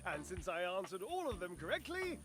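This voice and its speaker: A man's voice: sits high, very animated, fairly quick. An actor playing a verbose, theatrical man in a dating game, melodramatic and self-pitying, heard over game music.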